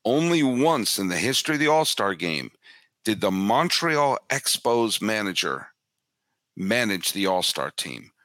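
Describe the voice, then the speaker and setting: A man guesting on a sports podcast, talking in an animated way and often repeating words as he builds his points. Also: fairly low pitch, a little slow, no room sound, studio quality. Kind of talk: casual sports podcast chat.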